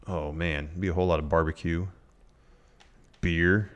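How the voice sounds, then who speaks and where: Low-voiced laid-back man. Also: fairly even intonation, normal speed. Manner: laid-back, dry remarks. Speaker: podcast co-host. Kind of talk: casual chat reading chat messages.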